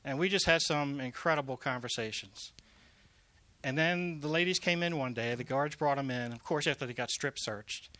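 Bright-voiced man telling a faith testimony. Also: medium pitch, normal speed. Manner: animated, emphatic storyteller with repeated phrases. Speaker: prison ministry worker giving a testimony. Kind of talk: testimony storytelling.

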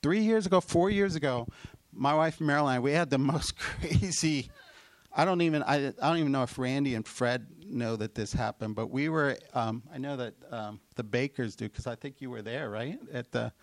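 A middle-aged man, a pastor, telling a personal story in a sermon, with loud emotional peaks and quick asides. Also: mid-range voice, no echo. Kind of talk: sermon testimony.

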